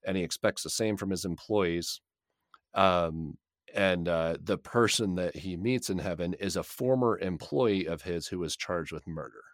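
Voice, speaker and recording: A man's voice: low-pitched, unhurried, no echo, studio quality. A man co-hosting a podcast and chatting casually about a book, rambling and repeating words as he thinks. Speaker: podcast co-host.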